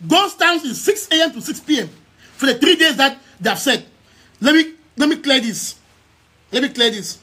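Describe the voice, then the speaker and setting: A young man with a Cameroonian English accent, from Southern Cameroons, speaks to his followers on a live stream in a very high, sing-song voice that sounds pushed and bright at a moderate pace. He heads a news outlet and is an activist, and he talks emphatically, repeating key phrases and stammering through many restarts.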